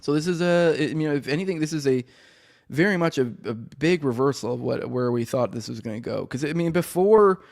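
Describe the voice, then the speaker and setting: A man hosts a casual news podcast, his voice sounding choked up and a little rough. He reads articles aloud, then drifts into rambling commentary full of restarts and offhand swearing. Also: on the high side, lively intonation, brisk, a little mellow. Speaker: podcast host.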